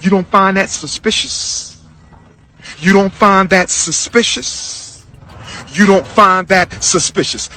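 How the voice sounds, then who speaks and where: A commentary host putting on a voice of a suspicious questioner with a drawn-out, insinuating delivery. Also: mid-range voice, pushed and bright, faint music behind.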